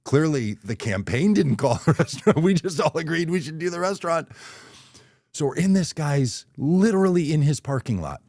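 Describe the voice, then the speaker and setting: A man's voice: on the high side, expressive, normal speed, a little mellow, no room sound, clean studio sound. A man telling a personal story as a guest speaker on a video call, in a conversational way, correcting himself as he goes. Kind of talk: anecdotal storytelling.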